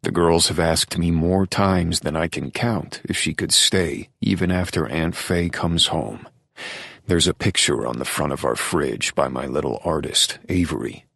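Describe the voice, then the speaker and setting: A man with a very deep, gravelly voice narrates a romance audiobook in the first person. His tone is husky, and the recording is dry and close, as in a studio booth. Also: measured pace, a bit bright, dry recording.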